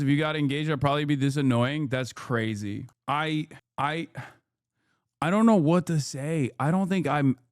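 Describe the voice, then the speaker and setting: A man's voice: on the high side, no room sound, studio quality. A man hosting a casual reaction stream, talking in a sarcastic, joking way. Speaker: streamer host.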